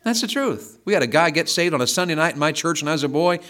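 Forceful preacher, fervent. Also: male voice, fairly high pitch, animated, fast talker. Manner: fervent, emphatic exhortation with repeated phrases. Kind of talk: sermon.

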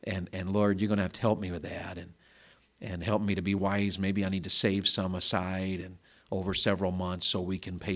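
A middle-aged man, preaching a sermon in a folksy, conversational way, with loud bursts of emphasis. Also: low voice.

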